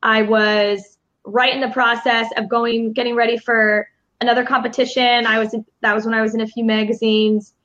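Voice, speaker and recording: A woman from Chicago tells her story as an interview guest, sounding upbeat and easy. Her voice sits a little high. The audio is dull and lo-fi. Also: fairly bright tone. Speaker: guest, confidence mentor. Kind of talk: casual interview chat.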